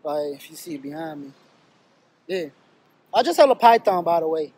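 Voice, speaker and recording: A man's voice: a little high, lively intonation, normal speed, a little mellow. A man co-hosting a vlog, narrating outdoors in a laid-back, joking way. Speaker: vlog co-host. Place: city square outdoors.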